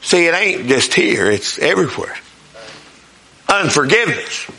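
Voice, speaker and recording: An older man preaching a sermon, telling folksy stories and swinging between soft asides and loud emphasis. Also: fairly high pitch, very animated, unhurried, creaky. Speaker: pastor.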